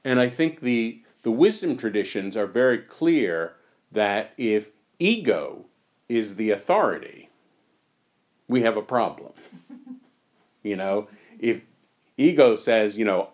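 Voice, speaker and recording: A man leading a reflective discussion on spiritual teachings, thoughtful and unhurried, his voice going hoarse. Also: fairly low pitch, expressive. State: losing his voice. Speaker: discussion leader.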